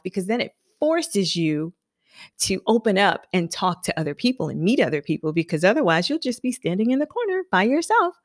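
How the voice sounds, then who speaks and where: Animated woman giving a motivational talk. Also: fairly low pitch, no echo, studio quality. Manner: animated, conversational storytelling with affirmations. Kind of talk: personal anecdote and motivational talk.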